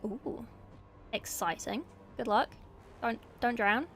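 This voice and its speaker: A woman's voice: medium pitch, unhurried, pauses often. A young woman painting miniatures on a livestream, chatting casually and answering viewer chat as she works. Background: faint background music.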